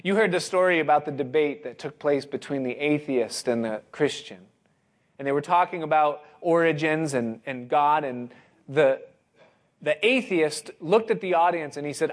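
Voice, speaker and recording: A man delivers a sermon in a somewhat higher voice. He speaks expressively, pausing for effect and building emphasis. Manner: expressive, dramatic pauses and rising emphasis. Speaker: preacher.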